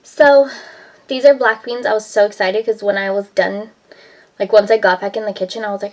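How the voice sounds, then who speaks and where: A woman talks casually as she cooks in her home kitchen. She rambles from one thought to the next and fills her speech with "like" and "um". She has a relaxed, everyday vlogging manner. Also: medium pitch, a little fast, rough recording. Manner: chatty, rambling, heavy use of "like" and "um". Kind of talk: casual vlog chat.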